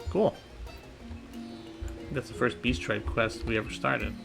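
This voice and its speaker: A man's voice: medium pitch, takes it slowly, vocal fry, long pauses, fairly bright tone, faint music behind. A man casually thinking aloud while playing a video game. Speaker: gamer. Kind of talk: casual gameplay commentary.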